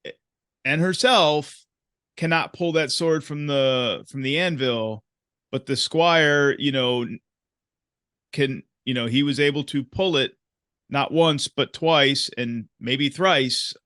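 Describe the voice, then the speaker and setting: A man's voice: medium pitch, takes it slowly, a bit bright, no echo, clean studio sound. A man talking over his character's feelings as a tabletop game player, hesitant and full of repeated words.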